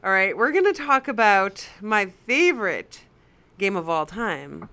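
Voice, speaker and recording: Bright, clear woman hosting a gaming chat. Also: mid-range voice, very animated, measured pace. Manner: laughs often, steers the talk. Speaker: podcast host.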